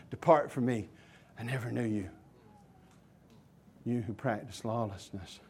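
A man preaching a sermon as pastor, moving between loud emphatic questions and quiet, hushed asides. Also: mid-range voice. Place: church sanctuary.

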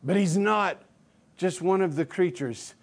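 A male pastor preaching a sermon, swinging between loud emphatic declarations and low quiet asides. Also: a little slow.

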